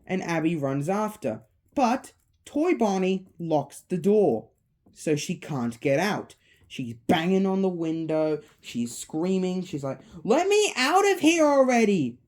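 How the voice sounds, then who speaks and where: A woman casually telling a spooky fan story in a relaxed, offhand manner. Her voice is lowish and mellow, and she takes her time. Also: slow pace.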